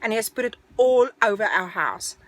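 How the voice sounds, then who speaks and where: A middle-aged woman telling a personal story in a casual, animated storytelling way. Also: on the high side, normal speed, dry recording. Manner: animated, breathless storytelling, dramatic retelling.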